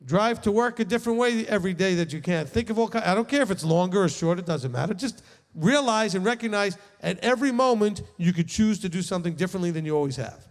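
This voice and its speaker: Rabbi teaching a group; a man with a high voice, emphatic and joking, reverb-heavy tent sound. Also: expressive, fast talker, few pauses. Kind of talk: lively teaching talk. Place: large tent with a live group.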